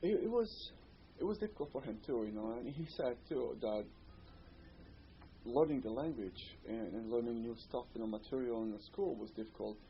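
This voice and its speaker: A man's voice: medium pitch, expressive, moderate pace. A man in his thirties with a Bosnian accent, recounting his life in an oral history interview, rambling with lots of "you know.". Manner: rambling storyteller, many "you know" fillers. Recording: slightly muffled recording with faint hiss.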